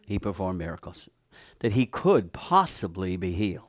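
A man preaching a sermon, retelling a Bible story with animated, fervent emphasis. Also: deep voice, moderate pace.

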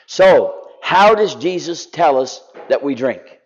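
Male preacher, fairly high voice, earnest sermon delivery that swells and then drops to a hush; dull lo-fi recording. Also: expressive, slow. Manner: impassioned, drops to soft pleading. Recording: dull lo-fi sound.

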